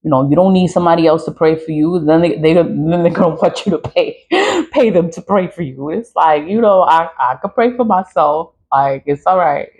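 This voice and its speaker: A woman's voice: low voice, normal speed, darkish tone. A woman in her forties speaking frankly to her phone camera in a casual vlog rant, swearing and laughing often. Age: 40s. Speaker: online creator.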